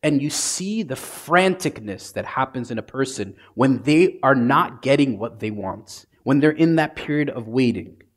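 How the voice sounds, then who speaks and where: A man, a priest, preaching a sermon in a conversational yet dramatic way, often dropping to a soft hush. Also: mid-range voice, animated, unhurried, few pauses.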